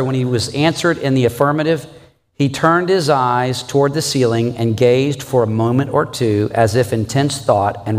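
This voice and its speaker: A man preaching a sermon as pastor, earnest and asking the congregation rhetorical questions. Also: mid-range voice. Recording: reverberant church hall.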